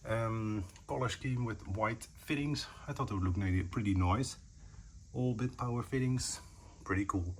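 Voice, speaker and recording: Sitting on the floor indoors at home, a PC building vlogger films himself on a handheld phone and talks through his build. His voice is fairly low and measured in pace, with a slight hiss or hum, and his casual narration wanders and stalls with plenty of fillers.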